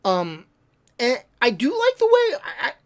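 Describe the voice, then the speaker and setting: Excitable streamer rambling about games, trips over words; lively voice swinging up and down over soft background music. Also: high-pitched, measured pace. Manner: gushing, excitable, stumbles and repeats words. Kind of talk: casual livestream talk ranking games.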